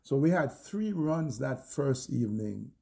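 An older man with a Jamaican accent telling his own story in an interview, animated and acting out his shouts. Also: mid-range voice, a little slow, vocal fry. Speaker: interview guest.

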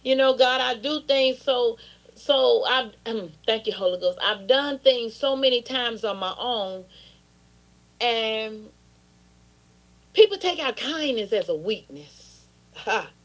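A woman's voice: fairly high pitch, expressive, slow, a bit bright. A woman pastor preaching an impassioned sermon, often turning into pleading prayer.

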